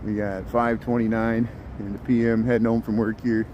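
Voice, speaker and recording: A man's voice: fairly low pitch, flat delivery, moderate pace, a little mellow, dull audio, slight background noise. A man chatting casually to his live-stream viewers as he walks outdoors through city streets, rambling and reading out their comments. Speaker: live-streaming walking vlogger.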